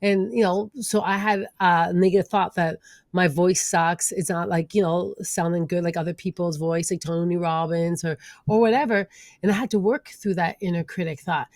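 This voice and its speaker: A woman guest on a podcast who speaks with an accent, expressive and lively, acting out the voices in her head. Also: fairly low pitch, moderate pace, no room sound. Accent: non-native accent. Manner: expressive, acts out inner voices. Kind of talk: casual podcast conversation.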